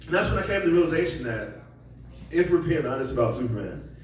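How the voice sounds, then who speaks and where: During a rambling stand-up set at a comedy club, a self-deprecating comic from the Seattle area does voices for the people he quotes. He talks fast in a fairly high voice with big swings in pitch. The mic is far away in a very reverberant room, with a little hiss or hum.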